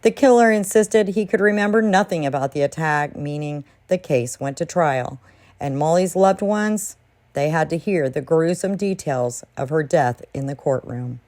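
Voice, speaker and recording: A woman's voice: sits low, moderate pace, a little mellow. A woman narrating a true crime story in a solemn, dramatic scripted delivery.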